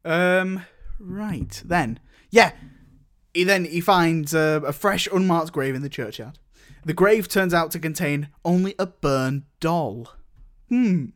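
A man co-hosting a relaxed film podcast, laughing easily as he talks. His voice is high for a man. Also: slow pace. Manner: laughs often, easygoing. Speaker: podcast co-host. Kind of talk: casual film discussion.

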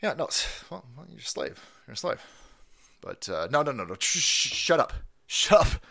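A man's voice: medium pitch, very animated, moderate pace, creaky, pushed and bright. A man ranting on a livestream, foul-mouthed and mocking, swearing constantly. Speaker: streamer. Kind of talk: profane political rant on a livestream.

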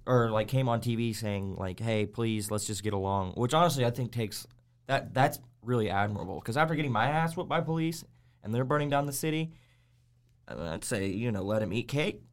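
A man's voice: medium pitch, a little fast. A young man co-hosting a casual podcast discussion, talking bluntly with frequent cursing and lots of "like" fillers. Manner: blunt and profane, filler-heavy, full of "like". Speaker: co-host.

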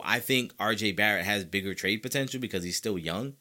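Emphatic man with a bright, forceful voice. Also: fairly low pitch, brisk. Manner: emphatic, animated and opinionated, with frequent repetition. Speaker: podcast host. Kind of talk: casual sports opinion monologue.

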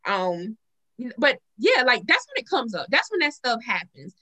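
Young woman, outspoken, animated, bright higher voice, casual talk. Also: moderate pace. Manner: animated, outspoken, swears freely. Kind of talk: casual podcast chat.

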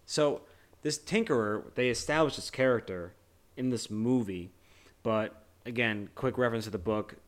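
A man's voice: medium pitch, moderate pace. A man co-hosting a casual movie discussion podcast, rambling and joking loosely with many restarts. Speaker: podcast co-host.

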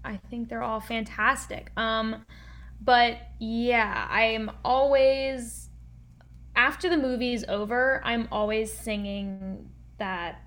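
Enthusiastic woman co-host with a bright, slightly high voice. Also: fairly even intonation, takes it slowly. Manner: enthusiastic, laughs easily, fillers. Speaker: podcast co-host. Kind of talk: casual chat.

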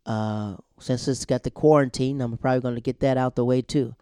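Man giving a slangy, animated show recap. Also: mid-range voice, brisk, smooth, dry recording. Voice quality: animated, slangy, quotes characters. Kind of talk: casual episode recap.

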